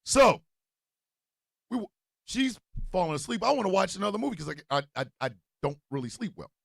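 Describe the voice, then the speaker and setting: A man tells a comic story. His voice is high and gravelly, and his pitch leaps all over. The sound is close and dry. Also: a little fast, dry recording. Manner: animated, swings from low mutters to loud outbursts. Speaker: podcast host telling a story. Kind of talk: comedic storytelling monologue.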